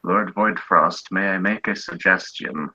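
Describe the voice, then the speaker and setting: A man voicing a cautious, deferential male retainer who speaks in a slow, measured, formal way. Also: deep voice, pushed and bright, breathy edge, exaggerated voice. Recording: dull lo-fi audio.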